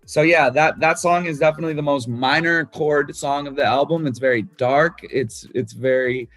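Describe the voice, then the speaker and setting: With soft music in the background of a dry recording, a man discusses writing his album in a casual, candid way, swearing freely and filling gaps with fillers. His voice is a little high and fairly bright, at a moderate pace.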